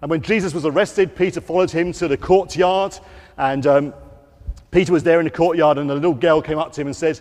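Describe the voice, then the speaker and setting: A man with a fairly high voice gives an all-age talk in a church, speaking through a microphone. He tells the story to children in a lively way and acts out the quotes. His voice rings out with a long echo off the hall. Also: fast. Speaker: preacher. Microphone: wearing a microphone.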